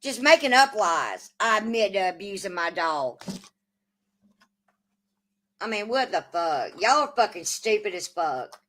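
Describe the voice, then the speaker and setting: A woman's voice: medium pitch, lively intonation, unhurried, pauses often, fairly bright tone. A woman hosting a casual livestream, swearing often and arguing back at her chat. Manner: profane, combative, answers chat. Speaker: livestream host.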